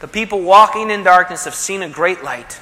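High, bright-voiced man preaching a sermon. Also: moderate pace. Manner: conversational preaching with rhetorical questions. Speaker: pastor. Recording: long hall reverb.

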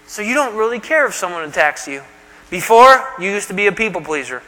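High, bright-voiced preaching man. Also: expressive, a little fast, long reverb tail. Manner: conversational, emphatic preaching with rhetorical questions. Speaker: pastor. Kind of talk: sermon.

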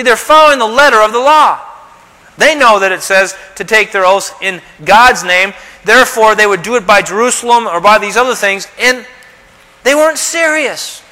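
A man's voice: high voice, pushed and bright, long reverb tail, rough recording. A man preaching a sermon, asking rhetorical questions and acting out the quotes he reads. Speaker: pastor.

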